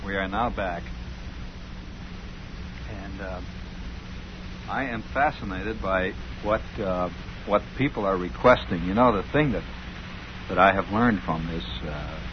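A middle-aged man hosting a radio show, telling a rambling story with wry, sardonic asides. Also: low-pitched. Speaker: radio host. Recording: dull lo-fi old radio broadcast, faint hiss.

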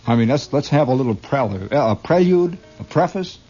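A man's voice: medium pitch, lively intonation, a little fast, dark tone, breathy edge, dull audio, faint music behind. A man doing a stammering, argumentative comic monologue. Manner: talkative, argumentative, stammering restarts; chuckles often at his own lines. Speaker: comedian. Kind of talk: comedy monologue, one side of a conversation.

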